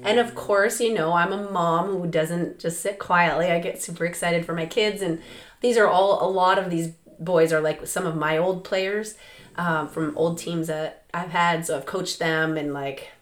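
Hoarse raspy-voiced woman podcaster. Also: fairly low pitch, fairly even intonation, moderate pace. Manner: chatty, laughs often, many fillers. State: hoarse, lost voice. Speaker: podcast host and coach. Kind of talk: casual podcast monologue. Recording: roomy echo.

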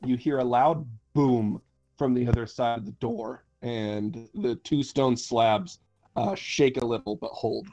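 A man running a tabletop game as game master, narrating in a halting way with many pauses. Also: mid-range voice, warm tone, dull audio.

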